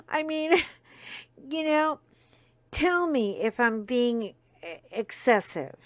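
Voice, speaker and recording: Woman, middle-aged, casual storytelling host, rambling with fillers, sniffly nose, slow pace. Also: high-pitched, animated, no echo. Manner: rambling, full of fillers and asides.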